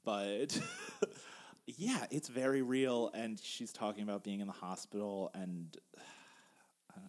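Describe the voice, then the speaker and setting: A man's voice: lowish voice, steady tone, slow pace, darkish tone. A young man hosting a casual music chat, rambling and laughing often. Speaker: podcast host.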